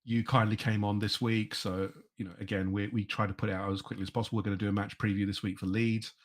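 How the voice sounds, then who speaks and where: A man in his thirties, a podcast guest, talking excitedly in a casual chat. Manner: excitable, animated, quick pitch jumps.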